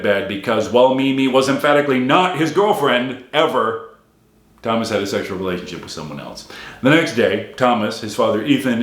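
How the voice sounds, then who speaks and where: A man's voice: lowish voice, echoey room. A man giving a wry, emphatic solo critique of a film, repeating his points for effect. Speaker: film commentator.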